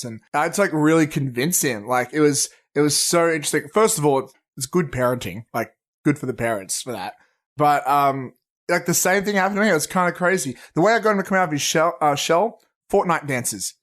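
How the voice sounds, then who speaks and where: A man's voice: a little high, brisk, fairly bright tone. A man co-hosting a movie podcast in casual chat, rambling and swearing freely as he tells stories. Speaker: podcast co-host.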